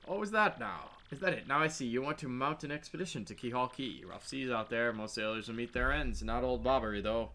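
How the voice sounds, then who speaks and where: A man voicing a world-weary bartender who tells a sad tale in a soft, somber way. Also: medium pitch, lively intonation, brisk, hardly any pauses. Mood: gruff. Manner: somber storytelling, dropping soft. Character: gruff male bartender, world-weary storyteller.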